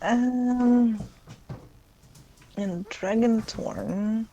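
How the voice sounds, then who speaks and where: A young adult player chats casually on a stream in a middle-range voice. Playful and quick to laugh. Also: mid-range voice, fairly even intonation, warm tone, muffled recording. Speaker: guest player.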